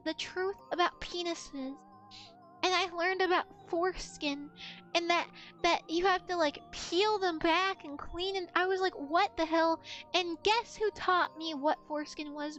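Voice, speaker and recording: A young woman with a very high, girlish voice chats on her stream and tells a crude, animated story. She acts out the people she quotes and bursts into louder exclamations. Faint music plays behind her. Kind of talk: casual stream chat, storytelling.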